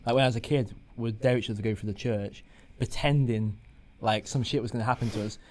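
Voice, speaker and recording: A man hosting a podcast in casual chat, talking in quick bursts full of "like" and restarts. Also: medium pitch, steady tone, a little mellow. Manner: fast, chatty, filler-heavy. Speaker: podcast host.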